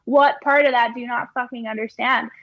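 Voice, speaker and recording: A young woman guest on a casual podcast, blunt and swearing as she tells lively stories. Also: on the high side, fairly quick, a little hiss or hum. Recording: dry, dull lo-fi sound.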